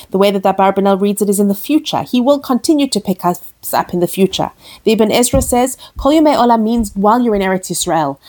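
A woman's voice: medium pitch, a little mellow. A woman teaching a Torah lesson in an earnest way. She says her with a sound and puts each one into English as she goes. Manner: earnest, translates each Hebrew phrase into English. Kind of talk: explaining verses line by line.

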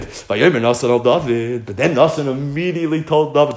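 Animated male Torah teacher, echoey room. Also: a little high, a little fast, hardly any pauses. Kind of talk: animated storytelling Torah class.

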